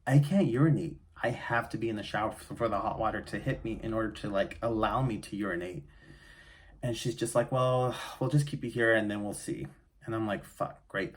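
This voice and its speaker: Candid man telling a personal story. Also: fairly low pitch. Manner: emotional, candid, casual with many fillers and restarts. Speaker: vlogger.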